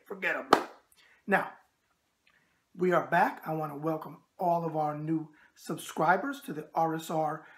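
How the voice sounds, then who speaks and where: A man's voice: sits high, fairly bright tone. Chatty New York man hosting. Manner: chatty, tough-guy catchphrases, emphatic. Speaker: host. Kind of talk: casual boxing video show chat.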